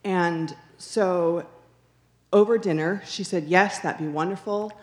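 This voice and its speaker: Woman, lowish voice, earnest testimony, acts out dialogue, repeats phrases, fillers and restarts. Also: slow pace, darkish tone. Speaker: church member sharing a testimony. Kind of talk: personal testimony story.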